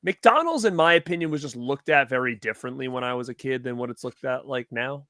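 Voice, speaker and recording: A man in his thirties hosting a casual podcast chat, telling stories with lively acted-out quotes. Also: mid-range voice, a little fast, no echo, studio quality. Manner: animated storytelling, acts out quotes. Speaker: podcast host.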